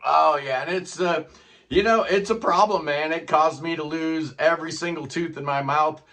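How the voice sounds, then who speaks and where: A man's voice: on the high side, steady tone, normal speed, a bit bright. A middle-aged man talking in a casual, rambling solo monologue as a music vlogger, often tacking "man" onto his sentences.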